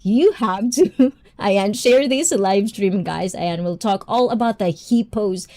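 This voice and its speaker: A woman's voice: mid-range voice, slow pace, warm tone. A woman hosting a casual livestream, a personal trainer who chats with viewers by name and laughs often.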